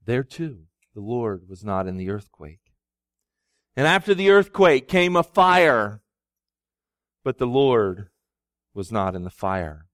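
A pastor preaching a sermon, moving from quiet, low retelling to loud, soaring exhortation. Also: male voice, very animated, takes it slowly, pauses often, dry recording, clean studio sound. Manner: swings from soft, low storytelling to loud, high-pitched preaching.

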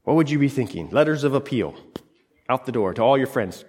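A man's voice: mid-range voice, sing-song, fairly quick, a little mellow, husky. A man preaching a sermon, telling a scripture story dramatically in short, broken phrases. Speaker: pastor. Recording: long hall reverb.

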